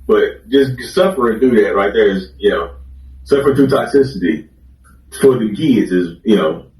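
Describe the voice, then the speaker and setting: A man hosting a casual livestream, giving relationship advice to viewers in an animated, repetitive way and talking straight to them. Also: lowish voice, moderate pace, echoey room, recorded from a distance, poor audio.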